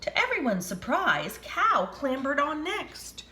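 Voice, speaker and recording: Brief: a bright, unhurried woman reading a children's story with playful asides. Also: high voice, echoey room. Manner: expressive, chatty asides. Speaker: storybook reader.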